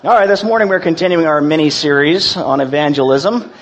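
Folksy preacher man, slightly high voice. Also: a faint crowd. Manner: folksy, halting with many restarts. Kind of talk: sermon. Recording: dull lo-fi recording.

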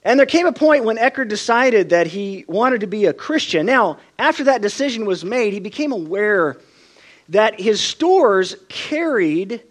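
A man preaching a sermon with a high, lively voice that swoops up and down. He tells his stories with feeling and acts out the voices of the people in them. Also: unhurried. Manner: expressive storytelling, acts out quoted voices.

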